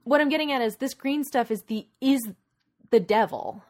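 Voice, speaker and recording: A woman co-hosting a casual chat, retelling a movie plot in a rambling, animated way full of asides. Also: high voice, moderate pace. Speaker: podcast co-host.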